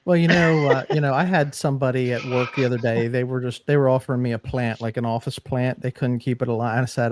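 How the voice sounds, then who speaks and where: A man's voice: medium pitch, steady tone, fast talker, few pauses. A man, a podcast co-host who jokes playfully in casual chat. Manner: joking, playful.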